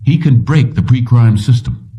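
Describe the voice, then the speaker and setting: A man voicing a weary middle-aged police commissioner who talks in a somber, measured way. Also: medium pitch, mellow, distant mic, dull audio, voice pushed up, natural voice.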